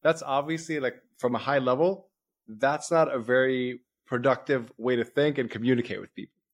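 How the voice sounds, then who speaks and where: A man hosting a podcast, coaching his guest in an energetic, explanatory way and quoting his own inner thoughts as examples. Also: mid-range voice, normal speed. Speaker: podcast host, performance coach. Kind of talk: coaching conversation.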